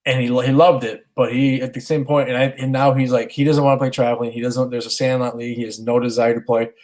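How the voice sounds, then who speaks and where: A man in his thirties co-hosting a casual podcast, telling a long story in a middle-pitched voice. He rambles earnestly, stopping and restarting his sentences as he goes. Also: flat delivery, fast talker, darkish tone. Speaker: podcast co-host, father.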